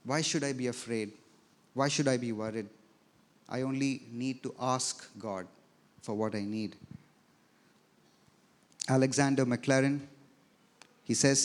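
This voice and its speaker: A man preaching a sermon in a church. His voice is mid-pitched. He tells the story as a preacher, swelling and dropping his loudness to stress each point. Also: steady tone, unhurried, long pauses. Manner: storytelling preacher, rises and drops in loudness for emphasis. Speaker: pastor. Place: church sanctuary.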